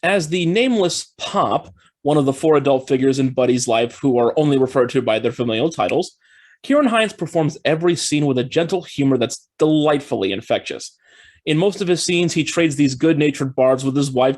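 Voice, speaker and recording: A man hosting his own film review channel, talking in an upbeat, steady and explanatory way as he reads through a scripted review. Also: mid-range voice, a little fast.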